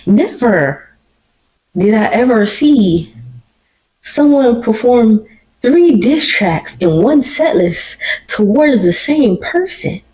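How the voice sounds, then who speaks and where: A woman hosting her own podcast, talking alone in an animated, emotional and slangy way. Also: fairly high pitch, slow pace, poor audio. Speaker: podcast host. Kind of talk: casual solo commentary. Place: living room.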